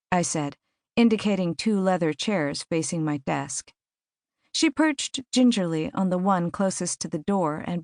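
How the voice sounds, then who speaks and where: A woman's voice: fairly low pitch, dry recording. Woman narrating an audiobook, dry studio. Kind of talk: scripted first-person narration.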